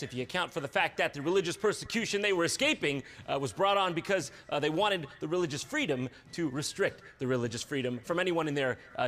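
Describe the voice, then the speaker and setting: A man delivering sarcastic, swearing comedic narration, with bursts of shouting. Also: fairly high pitch.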